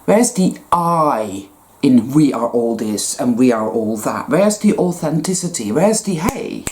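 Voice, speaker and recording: A woman's voice: extremely low pitch, lively intonation, measured pace, darkish tone, slight background noise. A woman giving a casual monologue as a spiritual vlogger, blunt, profane and sarcastic.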